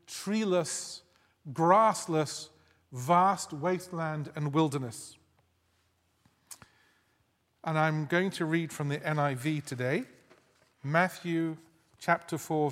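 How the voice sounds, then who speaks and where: Guy giving a friendly sermon, slightly high voice, echoing church hall. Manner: conversational and gently humorous, reads scripture aloud. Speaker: guest preacher. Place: church sanctuary. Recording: long hall reverb.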